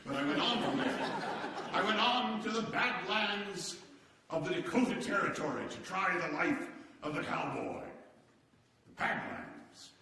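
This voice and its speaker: A man playing a hearty, boastful statesman from the turn of the century, telling stories to a seated audience in a theatrical, animated way with chuckles. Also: high-pitched, measured pace, exaggerated voice. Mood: genial. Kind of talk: live historical character monologue. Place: large hall with a seated audience. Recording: echoey hall, distant mic.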